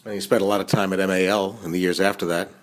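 A man's voice: deep voice, level tone, very fast. A man interviewing an old colleague with brief, friendly prompts. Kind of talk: casual interview.

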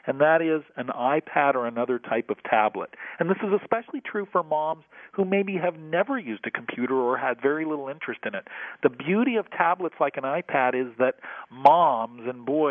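A man's voice: a little high, no room sound. A man on a radio show giving earnest tech gift advice, leaning on key words as he explains. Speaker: tech guest expert on radio. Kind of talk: radio segment chat. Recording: tinny phone line.

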